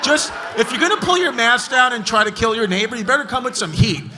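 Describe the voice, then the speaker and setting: Before a live audience in a large comedy club, a man does crowd work, his very high-pitched voice moving quickly with big pitch swings as he brashly, profanely mocks hecklers. The crowd laughs throughout this live recording, which carries crowd noise.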